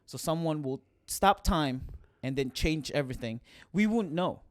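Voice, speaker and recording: A man co-hosting a casual podcast chat, rambling and animated as he recounts scenes. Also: fairly high pitch, unhurried, no echo, studio quality. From Philippines. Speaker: podcast co-host.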